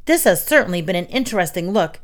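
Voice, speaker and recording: A woman's voice: fairly low pitch, sing-song, fast. Woman voicing a sly talking coyote. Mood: wry.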